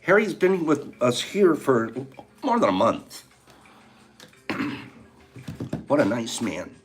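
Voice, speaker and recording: An older man hosting a casual live stream, opening gifts and telling stories in an animated, warm way, laughing now and then. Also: medium pitch, takes it slowly, faint music behind. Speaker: host of a live tea-time stream. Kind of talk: casual chat, opening gifts and reading cards.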